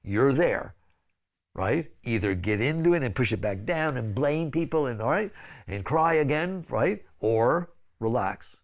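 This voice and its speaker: Speaking a little slowly but animatedly, an older man delivers a spiritual lecture in a pleading, conversational style. He keeps adding "right?" and breaks into sudden high exclamations when voicing other people.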